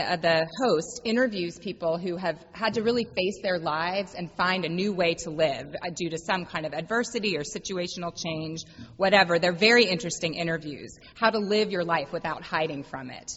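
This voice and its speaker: Lower-voiced woman preaching in a reverberant hall. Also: expressive, a little hiss or hum. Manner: reflective, gentle storytelling with slow emphatic refrains. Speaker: pastor. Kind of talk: sermon. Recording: dull lo-fi sound with long hall reverb.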